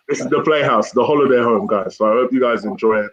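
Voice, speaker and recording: Calm livestream host, dull audio. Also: male voice, mid-range voice, a little fast. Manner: calm, mildly hesitant with filler ums. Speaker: channel host. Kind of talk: livestream football review.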